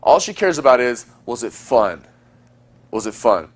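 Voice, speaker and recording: Guy coaching on dating, quick chatty lesson, acts out little example lines, average pitch. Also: very animated. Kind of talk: recorded teaching lecture.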